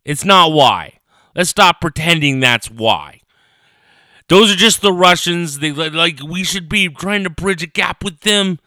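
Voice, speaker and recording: A man's voice: on the high side, lively intonation, measured pace, bright, forceful tone, no room sound, studio quality. A young man hosting his own podcast from his parents' kitchen, rambling and swearing in a heated rant. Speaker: podcast host. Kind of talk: casual solo podcast rant. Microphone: home recorder on a computer.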